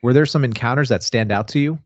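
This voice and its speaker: A man hosting a podcast asks a guest a polite, measured interview question. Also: mid-range voice, dry recording. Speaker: podcast host. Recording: dry, dull lo-fi audio.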